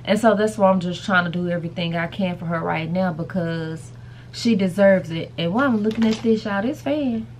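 A woman's voice: lowish voice, brisk, a little hiss or hum. A woman chatting casually to camera in a rambling vlog, calling her viewers y'all and baby. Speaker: vlogger.

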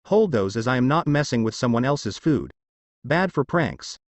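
A man's voice: mid-range voice, expressive, moderate pace, dry recording, close to an everyday voice. A man reading as a vengeful young ninja prankster. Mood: playful.

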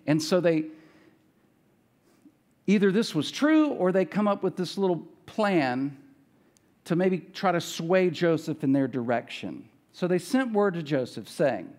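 A man preaching a sermon from the pulpit, his voice sitting a little higher than most men's. He talks in an easy, conversational way and slips into the voices of the people in the story. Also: lively intonation, unhurried, darkish tone. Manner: conversational, acts out voices of biblical characters. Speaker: pastor. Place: church.

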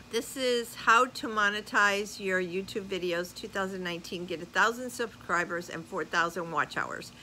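An older woman vlogger chatting casually as she reads viewer comments aloud, animated and laughing often. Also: mid-range voice, normal speed, few pauses, a little hiss or hum, poor audio. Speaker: YouTube vlogger. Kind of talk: casual chat reading comments.

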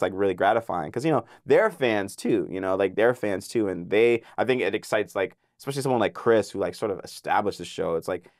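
Excitable young man, low voice, dry mic. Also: no room sound. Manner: excitable, heavy use of filler "like", acts out quoted voices. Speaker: voice actor guest. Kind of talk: casual interview storytelling.

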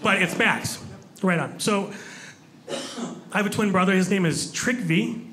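A man doing stand-up comedy and chatting with the audience, excitable and quick to shout in surprise. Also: high voice, noisy background. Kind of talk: stand-up comedy with crowd work. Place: comedy club stage before an audience.

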